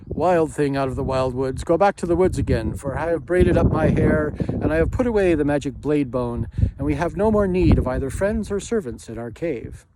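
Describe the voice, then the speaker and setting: A man's voice: on the high side, lively intonation, normal speed, few pauses, lightly acted. A man voicing a wise, firm cave woman in a storybook reading, with a raised, lightly mocking voice. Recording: hissy home recording.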